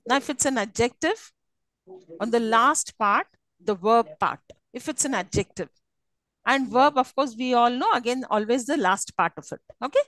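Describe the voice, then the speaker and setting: Female lecturer; high pitch, dry recording, patient step-by-step explanations. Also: a bit bright, dry recording, rough recording. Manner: explains step by step, often checks "okay?". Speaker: English lecturer. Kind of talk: live classroom lecture.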